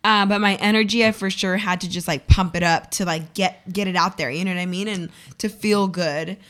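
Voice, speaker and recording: A woman's voice: mid-range voice, brisk. Chatty woman radio co-host. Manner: chatty, animated storytelling with many fillers. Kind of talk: casual chat. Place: radio studio.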